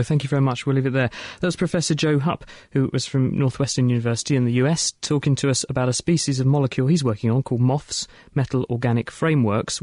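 A man hosting a science radio show from the studio, quick, chatty and jokey. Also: medium pitch, a little mellow, no echo.

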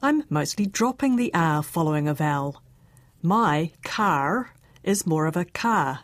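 A woman with a New Zealand accent, presenting a radio interview with clear, measured narration. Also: low voice, animated, no room sound. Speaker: radio host.

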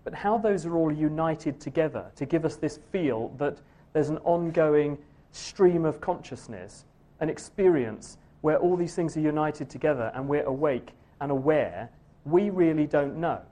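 A man lays out a science answer in long, fluent stretches for a live radio audience. His voice sits a little high but sounds mellow and soft-edged. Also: moderate pace. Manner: fluent, explanatory, lecturing. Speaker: science presenter.

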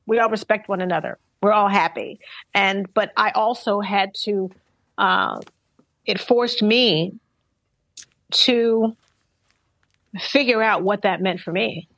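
A middle-aged woman being interviewed, talking in a thoughtful, earnest and measured way. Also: medium pitch, a bit bright, no room sound, low-quality recording. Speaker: interviewed singer. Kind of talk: reflective interview talk.

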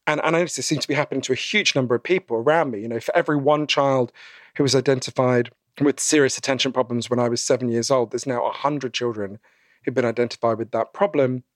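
A man being interviewed about his book, telling stories in a lively conversational way and acting out the voices he quotes. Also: medium pitch, quick pace, dry recording, studio quality. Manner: animated storyteller, acts out quoted voices, frequent "right?".

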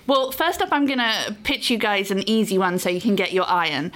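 A woman hosting a podcast panel, bright and chatty. She introduces guests and tosses questions around with an easy, mid-pitched voice. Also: brisk. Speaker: podcast host.

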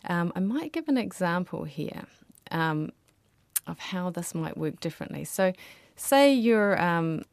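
A woman's voice: fairly low pitch, very animated, unhurried, no room sound. A woman speaking as a guest expert on raising children, explaining earnestly in an interview. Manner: earnest, explanatory, softens into quiet voices when quoting parents. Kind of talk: interview answers.

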